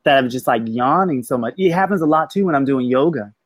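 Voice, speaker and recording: A man's voice: medium pitch, lively intonation, quick pace, no echo. A man co-hosting a podcast in casual chat, easygoing and agreeable, rambling a little as he talks. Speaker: podcast co-host.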